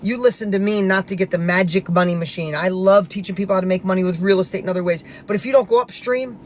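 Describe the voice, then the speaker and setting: A man's voice: high voice, quick pace, slight background noise. A middle-aged man speaking as a motivational speaker, telling a personal story in an emphatic, conversational way and repeating phrases for punch.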